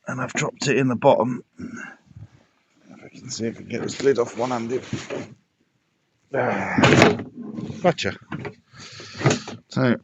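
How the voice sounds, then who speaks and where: Slow gravelly man, out of breath. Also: medium pitch, muffled recording, a little hiss or hum. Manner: muttering, self-talking while working. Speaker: pond keeper vlogger. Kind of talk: casual DIY vlog commentary. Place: outdoors by a garden pond.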